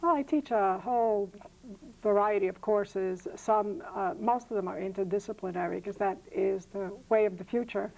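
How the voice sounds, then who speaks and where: A woman's voice: medium pitch, moderate pace, creaky, darkish tone, rough recording. A woman professor answering interview questions thoughtfully, with frequent fillers and self-corrections.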